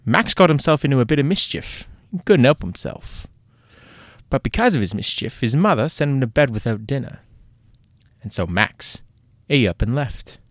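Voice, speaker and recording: A man's voice: mid-range voice, big pitch swings, dry recording, studio quality. A man voicing a British gangster's right-hand man with a put-on British accent, telling a long, theatrical tale. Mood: storytelling. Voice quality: theatrical, drawn-out storytelling.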